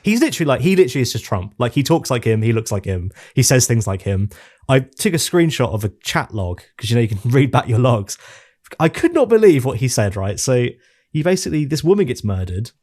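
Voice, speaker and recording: A man co-hosting a casual game-review podcast, telling stories in an animated, exasperated way. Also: medium pitch, brisk. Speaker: podcast co-host. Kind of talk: casual chat.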